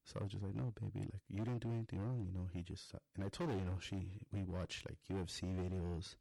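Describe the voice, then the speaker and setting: A man's voice: sits low, flat delivery, quick pace, creaky, mellow, dry recording. A young adult man on a podcast, telling a rambling, profane story in a casual monologue. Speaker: podcast host.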